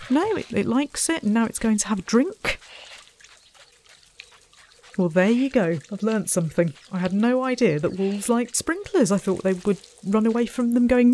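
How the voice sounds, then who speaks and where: A woman's voice: a little high, slight background noise. A woman casually commenting while playing a zoo-building game, chatty and self-mocking, talking to the animals and visitors. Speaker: let's play host.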